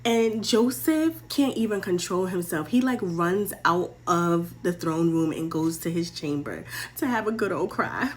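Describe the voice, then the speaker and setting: A woman's voice: on the low side, animated, a little slow, a little hiss or hum. A young woman hosting a show, casually retelling a Bible story in playful, slangy language with lessons at the end. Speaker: host.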